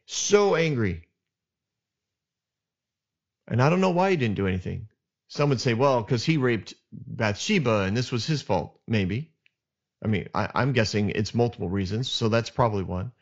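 A man hosting a podcast, retelling Bible stories in a casual, animated way and acting out the characters' lines. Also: lowish voice, moderate pace. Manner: animated retelling with acted asides. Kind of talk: casual storytelling. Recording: dull lo-fi sound.

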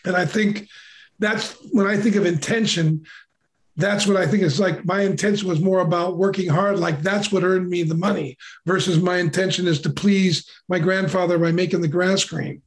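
Older man, high voice, animated storyteller, casual podcast chat. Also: moderate pace. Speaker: podcast co-host.

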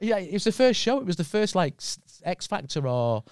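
A man's voice: high-pitched, big pitch swings, a little fast, darkish tone, clean tone, dry recording, studio quality. A man in his forties, a comedian guest, telling swearing anecdotes in casual chat and acting out other people's voices.

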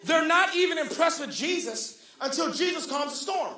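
A young man preaching a sermon, shouting and half-singing at his peaks, then dropping into quick, quiet joking asides. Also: very high-pitched, lively intonation, roomy sound. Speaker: pastor.

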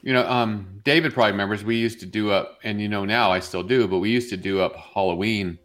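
A man co-hosting a morning show in casual chat, reacting with quick jokes and telling his own stories. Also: fairly low pitch, a bit bright. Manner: quick reactive interjections, joking.

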